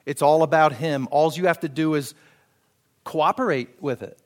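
This pastor has a fairly high-pitched voice and keeps a normal pace. His sermon sounds like conversation: he acts out quotations and asks his congregation whether they follow him.

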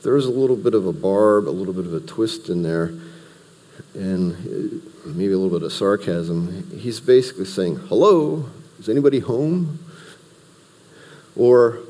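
Male Bible teacher, low dark voice, relaxed conversational teaching, reverberant hall. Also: normal speed. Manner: conversational, explains verse by verse with restarts and asides.

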